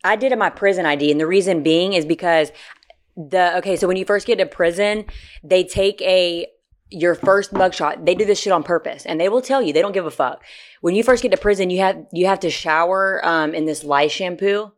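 A woman in casual podcast chat, telling stories loudly and profanely, with sudden shrieks of laughter. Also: lowish voice, a little fast. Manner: loud animated storytelling, profane, bursts into shrieking laughs. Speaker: podcast co-host.

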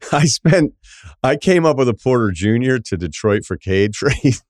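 A man guesting on a sports podcast, animated and quick to laugh at his own ideas. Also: medium pitch, no echo, clean studio sound. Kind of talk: casual sports chat.

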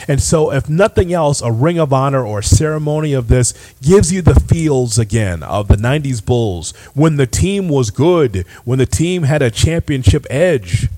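A man's voice: medium pitch, dark tone. A man with a mid-range voice hosts a sports podcast. He rants with exasperated emphasis and leans hard on his opinions. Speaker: podcast host.

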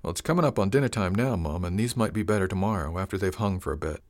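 A man's voice: deep voice, fast talker, darkish tone, dry recording, studio quality, lightly acted. A man voicing a polite, caring young village hunter who speaks respectfully and earnestly.

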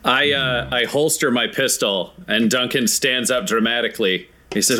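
A man's voice: mid-range voice, moderate pace, few pauses, sharp tone. A man playing a tabletop game in an easygoing, plain way. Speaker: player. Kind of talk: casual tabletop play.

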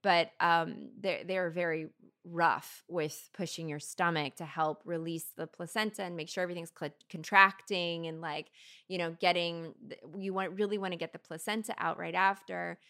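Chatty lady podcast host, lowish voice, lots of ums and laughs. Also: fairly even intonation, moderate pace, sharp tone, smooth. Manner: chatty, laughs often, many fillers. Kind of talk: casual chat.

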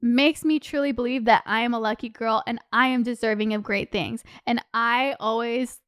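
A young woman in her twenties with a high, smooth, clear voice, hosting her own podcast in loose, chatty talk. She gets heated and passionate, fills her sentences with "like" and swears casually. The sound is close and dry, with no room echo. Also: steady tone, moderate pace, a bit bright. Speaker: podcast host. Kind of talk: casual solo podcast chat.

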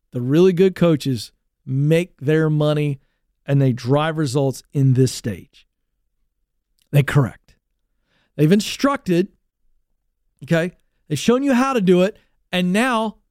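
A man with a fairly high speaking voice hosts a career advice talk show. He lays out his points emphatically and circles back to repeat them. The sound is close and dry. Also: no echo. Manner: energetic and emphatic, with repeated lines and asides.

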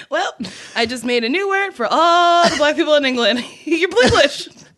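A woman's voice: high-pitched, lively intonation, normal speed, fairly bright tone. Giggly woman riffing in casual chat. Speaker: co-host.

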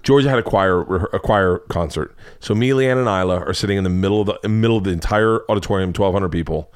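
A man in his forties hosting a podcast, telling a story in an animated way, acting out every character and swearing freely. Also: low voice, fast talker, clean tone. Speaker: podcast host.

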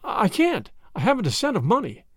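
A man's voice: high voice, very animated, moderate pace, no room sound, clean studio sound. A man voicing a fretful chatty grandmother. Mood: panicked. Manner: fussy, breathless, easily flustered.

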